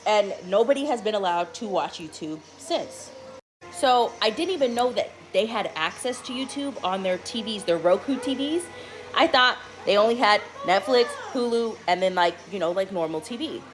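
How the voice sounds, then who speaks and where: A woman's voice: mid-range voice, normal speed, soft background music, poor audio. Exasperated mother telling a story. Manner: animated, exasperated retelling. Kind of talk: storytime video.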